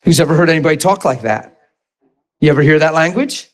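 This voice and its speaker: A middle-aged pastor with a drawl, preaching in a somewhat high voice. He keeps it conversational, tossing questions and asides to the congregation as he builds his points with real energy. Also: expressive, quick pace. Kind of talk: sermon.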